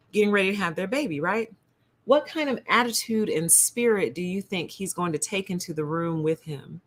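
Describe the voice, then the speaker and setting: A woman's voice: fairly low pitch, a bit bright. Emphatic woman talking to her viewers. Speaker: host. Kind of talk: casual commentary to a live audience.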